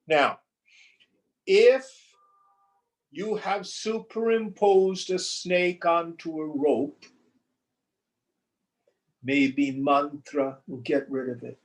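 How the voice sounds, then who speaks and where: A man teaching scripture over a video call, telling a parable slowly and deliberately and posing rhetorical questions. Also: a little high, low-quality recording. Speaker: spiritual teacher. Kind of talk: scripture lesson with storytelling. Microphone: video call recording.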